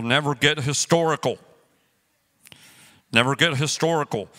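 A man preaching a sermon as pastor, joking and acting out everyday quarrels as he teaches. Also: fairly high pitch. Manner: animated, joking storyteller who acts out quotes.

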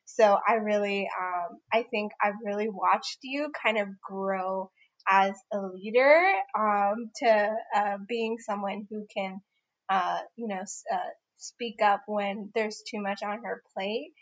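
A young woman co-hosting a casual podcast, chatting warmly about a friend, rambling with many fillers and restarts. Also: mid-range voice, steady tone, slow pace, dull audio. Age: young adult. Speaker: podcast co-host. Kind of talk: casual chat among friends.

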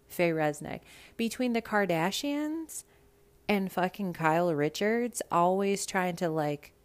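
A young woman hosting a casual reality TV recap, blunt, profane and animated. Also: fairly low pitch. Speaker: podcast host.

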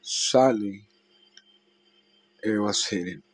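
A man telling a personal story in a halting, emotional way, with many restarts and trailing phrases. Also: on the low side, breathy edge, no room sound, rough recording.

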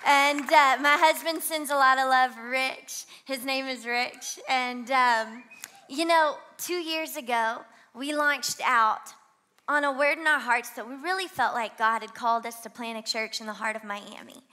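A young woman from Louisiana with a Southern twang, preaching an energetic sermon as guest pastor and urging the congregation to join in. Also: sits high, a little slow. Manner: energetic, exhorts the crowd to shout along. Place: church auditorium.

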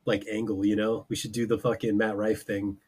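A man's voice: on the low side, flat delivery, a little fast, a little mellow, husky. A man co-hosting a comedy podcast, chatting loosely with frequent laughter and casual swearing. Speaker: podcast co-host.

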